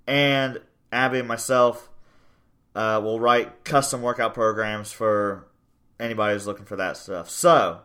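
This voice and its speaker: A man hosting a casual podcast as a strength coach, loud and excitable, sometimes bursting into yelling. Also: lowish voice, unhurried, clean tone.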